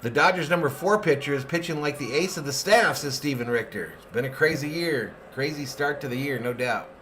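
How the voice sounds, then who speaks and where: Bright-voiced man calling a live game. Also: a little high, a little fast, slight background noise. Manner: animated, jokey, reads chat names aloud. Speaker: fan host doing play-by-play. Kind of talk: live game call and chat reading.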